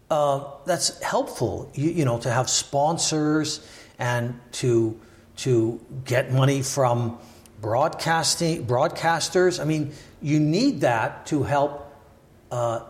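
An older man from Canada, a former Olympic wrestler, talking through his views in an interview with thoughtful hedging and many restarts and asides. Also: on the high side. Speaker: podcast guest, former Olympic wrestler and sports lawyer. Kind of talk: reflective interview talk. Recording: roomy echoey room.

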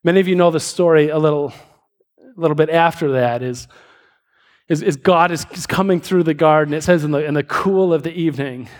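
A man preaching a sermon, telling a story with many restarts and slowing down for emphasis. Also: on the high side. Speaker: pastor.

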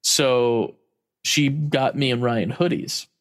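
A man's voice: mid-range voice, takes it slowly. A man in casual chat, telling a story with frequent laughs and casual swearing.

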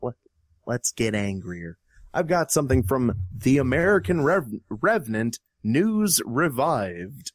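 A man's voice: medium pitch, takes it slowly, no echo, studio quality. A man co-hosting a casual talk show, ranting sarcastically and swearing as he tears into news articles. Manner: animated, profane, sarcastic. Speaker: podcast co-host.

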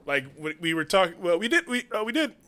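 A man's voice: high voice, very animated, fast, pushed and bright. A man hosting a casual comedy podcast, telling loose, profane stories and laughing often. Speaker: podcast host. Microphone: studio mic.

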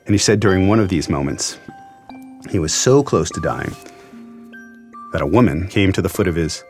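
With faint music behind him, a journalist with a low, darkish voice speaks animatedly at a moderate pace. In this storytelling interview he earnestly recounts an emotional story from his own life, quoting the dialogue.

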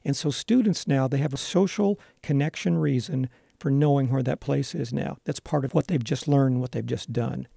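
A gravelly, dark-voiced man talks through his classroom work as an interview guest. He explains earnestly and pauses on "uh" fillers. The sound is dry and close. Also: medium pitch, dry recording. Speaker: elementary school teacher, interview guest.

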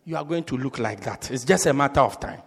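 A man preaching as a pastor, joking with the congregation and acting out quotes with sudden shouts. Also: medium pitch, lively intonation, fast, vocal fry, slightly rough. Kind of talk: lively sermon. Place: large church hall. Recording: reverberant hall.

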